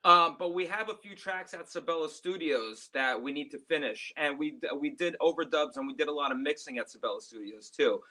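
A man's voice: a little high, brisk, few pauses, pushed and bright. A man who is a guest musician, chatting in an easygoing, friendly way. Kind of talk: casual interview chat.

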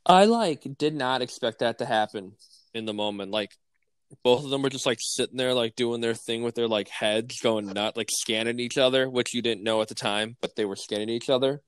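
A man from the Midwest co-hosting a podcast in casual chat, relaxed and rambling with lots of "like". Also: medium pitch, moderate pace, smooth, no echo. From American Midwest. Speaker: podcast co-host.

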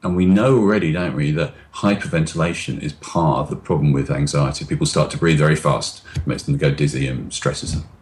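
A middle-aged man talking as a guest expert in an interview over a video call, explaining ideas and sometimes slowing down on purpose. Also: extremely low pitch, darkish tone. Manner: demonstrative, acts out anxious voices and slows down on purpose.

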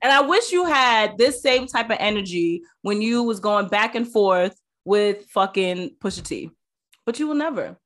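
A woman co-hosting a podcast, trading quick, mocking banter in casual chat. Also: medium pitch, lively intonation, a bit bright. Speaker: podcast co-host.

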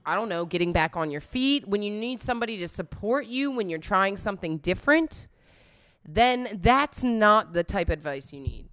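A woman's voice: mid-range voice, a bit bright, clear, resonant tone. A woman giving casual, blunt and profane commentary, laughing often as she reacts to a video.

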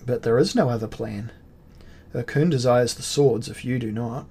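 A man's voice: medium pitch, moderate pace, mellow, breathy edge. A man reading aloud and voicing a scheming, cryptic male chaos god in a fantasy story. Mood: commanding.

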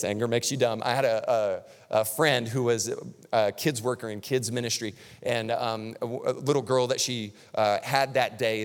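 A male pastor preaching a sermon in a conversational, emphatic way, repeating key lines for stress. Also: medium pitch. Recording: long reverb of a large hall.

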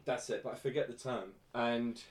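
A man co-hosting a casual podcast, animated and loud, swearing freely into his podcast mic. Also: mid-range voice, normal speed. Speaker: podcast co-host. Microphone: podcast microphone.

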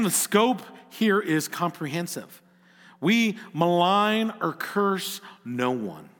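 Middle-aged man as church pastor, slightly higher voice, earnest preaching that swells to emphatic calls, long hall reverb. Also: fairly bright tone. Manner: earnest, rising to emphatic exhortation. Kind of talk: sermon.

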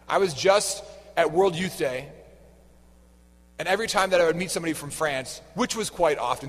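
Male homilist, higher voice, chatty, quizzes the pews, church reverb. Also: fairly bright tone. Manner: conversational, quizzes the congregation. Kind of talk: sermon. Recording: echoey church hall.

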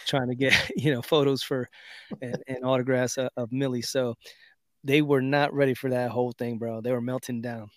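A man's voice: medium pitch, moderate pace, no room sound, clean studio sound. A middle-aged man co-hosting a podcast, telling a story in casual chat, using slang and acting out quotes. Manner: animated storyteller, acts out quotes; laid-back slang, says bro and dude. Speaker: podcast co-host.

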